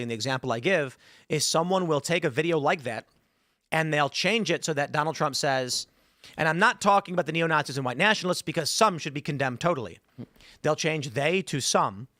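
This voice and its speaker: A man hosting a casual political panel, telling animated stories and acting out quotes. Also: on the high side, dry recording, clean studio sound. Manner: animated storyteller, acts out quotes. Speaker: host.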